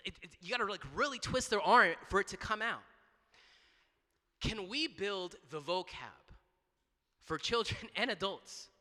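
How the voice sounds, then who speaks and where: A man's voice: high voice, pushed and bright, big-room sound. A man preaching a sermon in a church, talking conversationally with frequent restarts, repeated words and asides of "right?".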